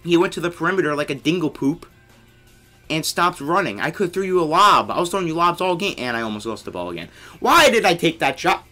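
A young man talks through his basketball video game in a bright, forward voice. He rambles casually and shouts when shots drop, then grumbles when teammates mess up. Faint music plays underneath. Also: fairly high pitch, fast. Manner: excitable, yelling on big plays, grumbling at teammates. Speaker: gamer commentating his own play. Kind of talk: casual gameplay commentary.

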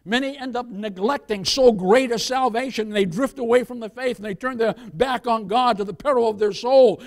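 Very high-voiced preaching man. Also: moderate pace, hardly any pauses. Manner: emphatic preaching, calls listeners "beloved", asks for amens. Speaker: pastor. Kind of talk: sermon.

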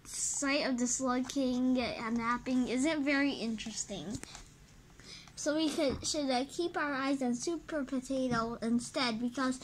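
A woman reading a children's graphic novel aloud, expressive and a little halting. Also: sits high, a little hiss or hum. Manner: slow, expressive read-aloud with small restarts. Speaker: storybook reader.

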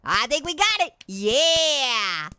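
Slow and sing-song, the man's exaggerated voice is very high-pitched, with background noise behind it. Voicing a hyper, cheeky male orange in comedic game commentary, he's goofy, giggly and full of wisecracks, laughing the whole time.

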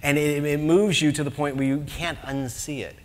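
An American man telling a comic story at a conference, animated and self-mocking, acting out his own panic. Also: a little high, moderate pace. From United States. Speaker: conference speaker. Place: conference hall. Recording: echoey hall, faint noise.

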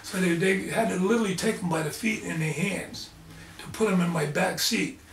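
A man's voice: high-pitched, a little fast, slight background noise. A man and lay preacher telling his experiences in an interview, earnest and fervent. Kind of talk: storytelling in an interview. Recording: echoey room, distant mic, faint ambience.

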